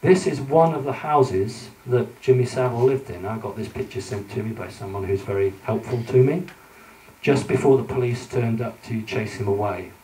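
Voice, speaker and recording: This lecturer presents slides to a live crowd at a moderate pace, his medium-pitched voice mellow. He speaks to them directly and conversationally, with many ums and restarts. The sound is distant, in a roomy hall.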